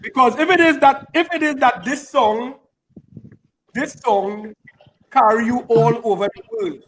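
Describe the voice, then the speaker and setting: Halting high-voiced male interviewer. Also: fairly bright tone, slight background noise, low-quality recording. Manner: halting, repeats phrases while framing a question. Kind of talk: interview question.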